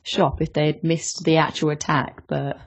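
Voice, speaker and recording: A woman co-hosting a podcast in relaxed casual chat, giving her opinions on a manga chapter. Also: low voice, normal speed. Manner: relaxed, opinionated, with fillers and restarts. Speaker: podcast co-host.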